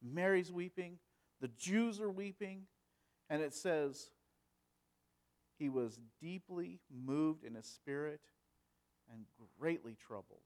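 A man preaching a sermon, asking rhetorical questions and moving between loud emphasis and quiet, hushed lines. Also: a little high, slow pace, long pauses.

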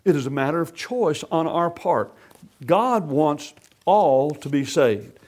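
A man gives a scripture lesson in a slightly raised voice. His pitch rises and falls widely as he stresses words. He reads old scripture formally and then explains it plainly. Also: expressive, darkish tone. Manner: measured, emphatic delivery with formal King James readings. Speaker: Bible class teacher.

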